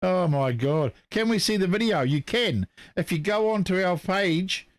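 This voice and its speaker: High-pitched and expressive, this New Zealander co-hosts a casual live stream at a measured pace, captured in a dry recording. He's chatty and apologetic while reading viewer comments, even as he's losing his voice.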